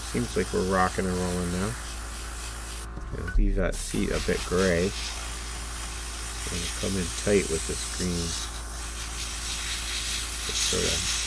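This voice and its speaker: A man's voice: low voice, vocal fry, heavy background noise. A man building and painting a scale model kit, talking to himself in chatty, muttered asides as he works. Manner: chatty self-talk, muttered asides to his work.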